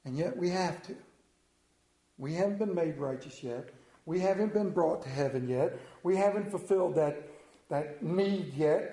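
A man preaching with emphatic, storytelling delivery and a fairly high voice. His tone is mellow rather than bright, and his words ring through an echoey church room. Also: unhurried. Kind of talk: sermon.

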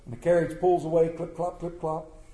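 A man's voice: a little high, level tone, normal speed. Folksy dramatic preacher man, echoey hall. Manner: dramatic storyteller, swinging from loud to hushed; folksy, plainspoken. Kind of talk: storytelling sermon. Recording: echoey room.

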